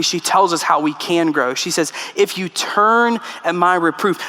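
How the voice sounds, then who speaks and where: A man's voice: high voice, sharp tone. A man preaching a sermon as pastor, emphatic, with rhetorical questions to the congregation. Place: church sanctuary. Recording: long hall reverb.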